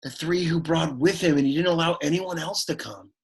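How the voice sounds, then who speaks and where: A man voicing a sullen, awkward teenage boy who gives a Latin lesson, deadpan, whiny and easily annoyed. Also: on the high side, a little fast, husky. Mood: exasperated deadpan. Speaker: Latin teacher.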